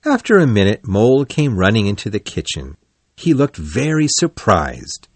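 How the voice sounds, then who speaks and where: A man narrating a children's story for learners in a clear, expressive way. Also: on the low side, moderate pace, dry recording.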